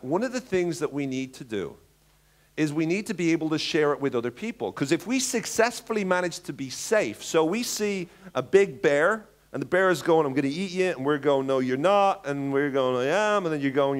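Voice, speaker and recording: A man giving a seminar talk, telling stories playfully with acted-out voices and laughing asides. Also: on the high side. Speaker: seminar speaker.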